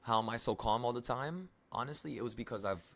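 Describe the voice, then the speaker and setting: This fast-talking man with a mid-range voice is in his twenties and streams options trading. He casually guides viewers through a trade, rambling a bit and offering coaching reassurance.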